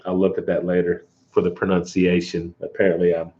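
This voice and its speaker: A man's voice: low-pitched, muffled recording. A man hosting a casual live stream, rambling and folksy with frequent chuckles. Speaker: outdoor channel host.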